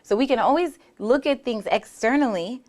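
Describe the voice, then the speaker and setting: A woman's voice: a little high, moderate pace, a little mellow. A woman bodywork therapist hosting a podcast, talking in an earnest, reflective way and acting out the voices in people's heads. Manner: earnest and conversational, acts out inner voices, many restarts. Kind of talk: reflective solo talk.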